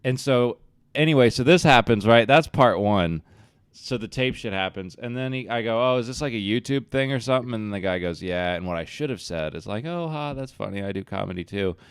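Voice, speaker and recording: A man's voice: fairly low pitch, animated, brisk, clean tone, dry recording, studio quality. A young man hosting a podcast, telling a profane, self-mocking story in casual chat. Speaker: podcast host.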